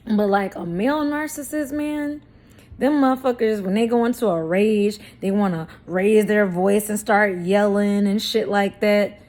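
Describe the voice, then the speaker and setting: A woman vlogger from St. Louis speaks straight to her viewers in a loose storytime monologue. Her talk is blunt and full of swearing and street slang. She stays animated and laughs now and then at her own points, in a middle-pitched voice. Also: a little slow. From St. Louis, Missouri, USA.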